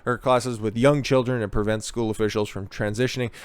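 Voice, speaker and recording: A man with a mid-pitched voice delivers a casual, swearing political rant. He is dismissive and sarcastic, with plenty of fillers, and is recorded close on a dry mic. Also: fairly even intonation, brisk, smooth, no echo. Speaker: political commentator.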